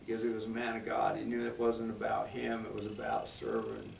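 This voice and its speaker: A man preaching a folksy, excitable sermon as a guest speaker in a church hall. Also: lowish voice, a little fast, gravelly, a little hiss or hum. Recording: echoey hall, mic from a distance.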